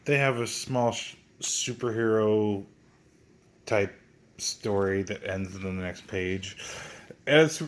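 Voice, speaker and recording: Sneering stammering man, slow talk. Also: fairly low pitch. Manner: sneering, swears a lot, stammering restarts. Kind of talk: mocking comic book review.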